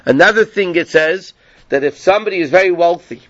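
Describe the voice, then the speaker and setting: A man with a fairly high voice teaches a Torah class, retelling a rabbinic story in loose, conversational speech and checking in with his listeners as he goes. The sound is dry and close, with a dull, muffled tone. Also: a little fast, fairly bright tone, no echo. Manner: conversational, asks "yeah?" of listeners.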